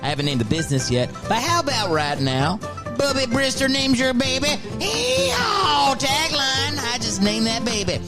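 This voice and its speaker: A man putting on a loud Southern drawl to play a goofy former quarterback pitching a baby-naming business into a phone, whooping and sing-song. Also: big pitch swings, normal speed, few pauses, loud music behind the voice, heavily acted. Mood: hyped. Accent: put-on Southern US.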